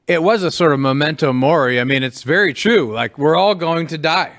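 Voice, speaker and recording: A man's voice: a little high, brisk, a bit bright. A man commenting on a political show in a playful way.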